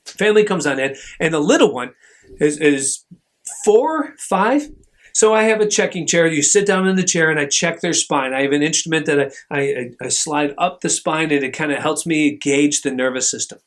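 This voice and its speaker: A middle-aged man hosting a podcast, telling stories in an animated, emphatic way and acting out the voices in them. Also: on the high side, moderate pace. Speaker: podcast host, chiropractor. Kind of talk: motivational talk.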